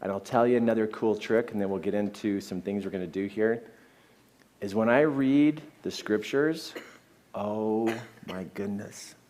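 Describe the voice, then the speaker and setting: Animated middle-aged man telling stories. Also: lowish voice, normal speed. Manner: animated, laughs between phrases. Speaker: speaker. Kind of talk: personal storytelling talk.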